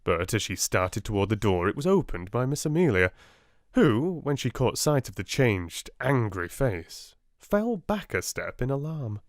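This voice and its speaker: Expressive British man reading an audiobook. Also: mid-range voice, unhurried, dry recording, studio quality. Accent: British English. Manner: lively, expressive storytelling. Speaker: audiobook narrator. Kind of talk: unabridged audiobook narration.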